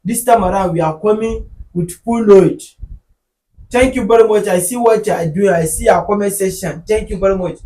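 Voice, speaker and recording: High-voiced Nigerian man hosting, animated. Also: normal speed, poor audio. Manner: animated, joking, bursts into shouting. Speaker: podcast host. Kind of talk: casual chat.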